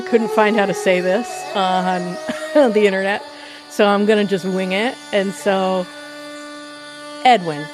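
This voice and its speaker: A woman hosting a podcast, casually telling spooky folk tales with a playful, laughing manner. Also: mid-range voice. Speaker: podcast host. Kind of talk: casual storytelling chat.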